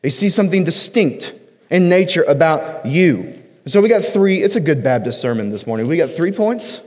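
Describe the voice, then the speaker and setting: High-voiced preacher in a reverberant hall. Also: male voice, expressive, normal speed, darkish tone. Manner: conversational preaching with joking asides; emphatic, punches single words. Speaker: pastor. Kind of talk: sermon.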